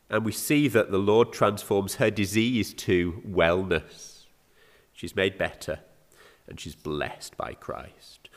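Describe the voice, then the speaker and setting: Lively English preacher in a reverberant hall. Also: male voice, fairly low pitch. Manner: earnest, asks the listeners rhetorical questions. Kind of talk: sermon.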